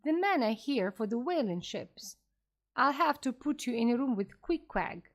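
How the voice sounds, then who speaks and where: A woman reading aloud for learners, voicing a large red-faced barman who gives slow, firm commands. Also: extremely high pitch, sing-song, fairly bright tone, heavily acted. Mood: amused.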